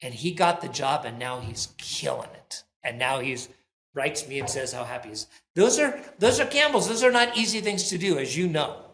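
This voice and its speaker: Male founder and guest, animated storyteller, slightly high voice, echoey room sound. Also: moderate pace. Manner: animated storyteller, acts out quoted dialogue. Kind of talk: conversational podcast interview. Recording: roomy echo.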